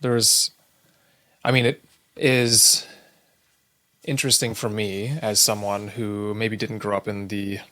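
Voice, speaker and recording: A man's voice: lowish voice, level tone, takes it slowly, long pauses, pushed and bright, dry recording. A man co-hosting a podcast, speaking in a thoughtful, hesitant way. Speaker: podcast co-host. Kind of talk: casual conversational podcast.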